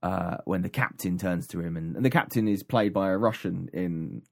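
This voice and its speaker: A man's voice: deep voice, normal speed, vocal fry. A man casually recapping an audiobook on a podcast, rambling with many ums and restarts. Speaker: podcast co-host.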